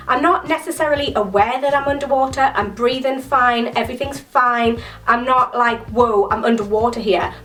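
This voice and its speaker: A woman's voice: on the high side, a bit bright, far from the mic. A young woman chatting enthusiastically to camera in a beauty Q&A vlog, full of "like" and "so crazy.". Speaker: beauty vlogger. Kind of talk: casual Q&A chat to camera.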